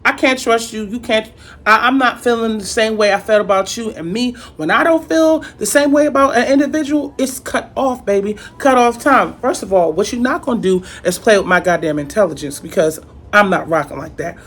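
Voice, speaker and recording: A woman in her late thirties, a YouTuber telling a storytime vlog in an animated, repetitive, exclamatory way. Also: a little high, brisk. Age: 30s.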